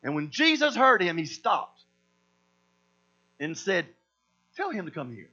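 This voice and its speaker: A high-pitched man with a bright, forceful voice preaches with energy, slipping into slang and acting out scripture scenes. The sound is dull and lo-fi, with a steady mains hum underneath. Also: unhurried. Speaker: pastor. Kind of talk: sermon.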